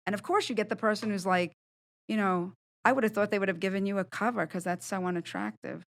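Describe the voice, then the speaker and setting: Woman guest in a studio, gravelly voice, blunt and animated, swears a bit. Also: medium pitch, quick pace. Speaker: podcast guest. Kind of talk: candid conversational storytelling. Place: podcast studio.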